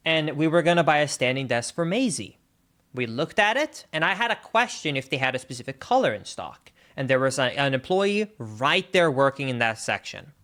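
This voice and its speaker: A man's voice: high voice, a bit bright. A young man, a streamer telling a story in casual chat, rambling with lots of fillers. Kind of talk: casual chat while gaming.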